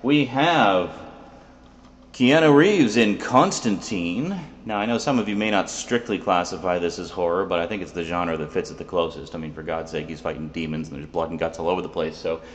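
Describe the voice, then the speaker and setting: A man's voice: sits low, moderate pace. A man hosting his own review show, chatting casually with wry, rambling asides. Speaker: video reviewer, show host.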